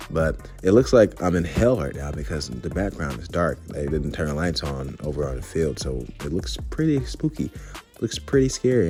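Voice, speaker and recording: A young male fitness vlogger with a dark, bass voice chats casually while working out in a gym. He's upbeat and talkative, cursing freely throughout this casual workout vlog talk.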